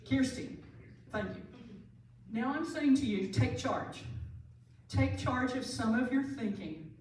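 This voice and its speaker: A woman's voice: fairly high pitch, lively intonation, slow, a little mellow. Earnest woman speaker in an echoey room. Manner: earnest, repeats key phrases for emphasis. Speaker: end of life doula and pastor giving a talk. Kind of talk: conference talk to a live audience. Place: large room, speaking to an audience. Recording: very echoey room audio from far off, light hiss.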